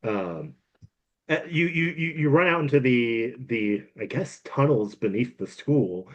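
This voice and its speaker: A man runs a tabletop game, narrating scenes in a halting way with many fillers. His voice sits at a middle pitch. The recording is a bit muffled and lo-fi. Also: animated. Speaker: game master.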